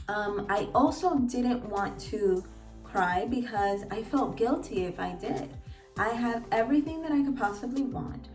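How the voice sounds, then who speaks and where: A woman life coach talking earnestly and gently about her own experience, coaching her viewers. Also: medium pitch. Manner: earnest, gentle, coaching tone with repeated urging phrases. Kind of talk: personal reflective vlog talk. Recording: echoey room, voice a bit far from mic, faint music.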